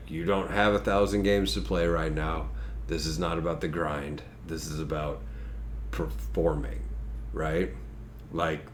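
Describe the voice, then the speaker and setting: A man's voice: sits low, a little hiss or hum. A man hosting a casual podcast while congested from a cold, talking in a crude, joking, rambling way. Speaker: podcast host.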